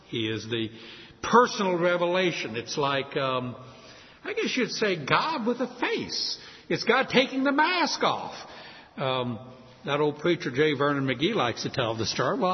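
A man preaching a sermon, animated and acting out quoted voices. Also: fairly high pitch. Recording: muffled hall with long reverb.

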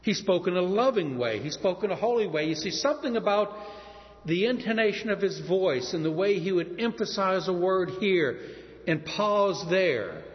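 Older male preacher in a lively, echoing hall. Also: sits high. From Texas. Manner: earnest preaching with shifting emphasis and dramatic pauses. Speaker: pastor. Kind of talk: sermon. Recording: muffled sound in a reverberant hall.

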